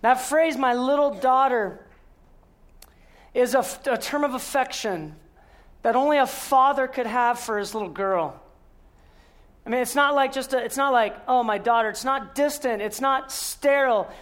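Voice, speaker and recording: A man giving a sermon, telling the story with rhetorical questions and earnest emphasis, sometimes dropping to a hushed voice. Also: very high voice, normal speed. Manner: storytelling, asks rhetorical questions and answers them. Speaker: guest speaker.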